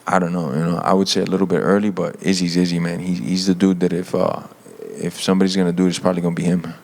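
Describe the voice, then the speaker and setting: A man's voice: deep voice, flat delivery, very fast, vocal fry, a little mellow. A man answering press questions as a fighter, casual and loose, often saying "you know".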